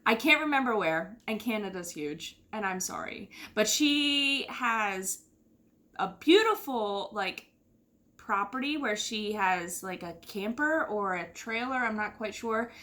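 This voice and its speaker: A woman's voice: mid-range voice, animated, unhurried, pushed and bright. A middle-aged woman from the United States hosting her knitting podcast in a rambling, casual chat full of fillers and sighs. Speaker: podcast host.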